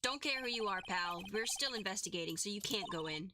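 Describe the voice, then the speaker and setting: A woman's voice: medium pitch, animated, fairly quick, heavy background noise, natural voice. A woman voicing a bumbling, blustery male detective who talks in slang, reading game dialogue over music. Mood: blustering.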